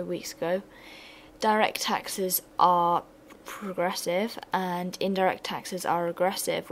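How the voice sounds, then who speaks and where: A woman's voice: fairly low pitch, a little mellow, a little hiss or hum, poor audio. A young woman giving an economics revision lesson, explaining steadily with chatty, self-deprecating asides. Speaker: revision tutor.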